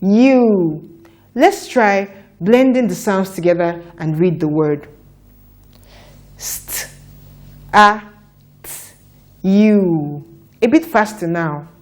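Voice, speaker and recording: A woman teaching a children's phonics lesson, sounding out letters and words slowly for young learners to repeat. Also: mid-range voice. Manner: slow, deliberate, repeats sounds for children to echo.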